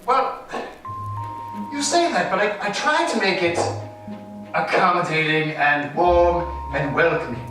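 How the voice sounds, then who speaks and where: Guest spot: high-voiced man, self-deprecating rambler, distant mic in an echoey room. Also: lively intonation, a little slow, over music. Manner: self-deprecating, wanders off on tangents. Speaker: street artist guest. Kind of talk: rambling interview chat.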